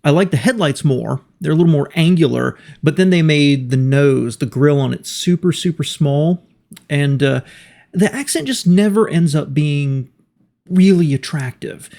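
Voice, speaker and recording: A man's voice: a little high, lively intonation, moderate pace, vocal fry, darkish tone. A man hosting a car reaction video, talking casually and giving his opinions as he thinks aloud.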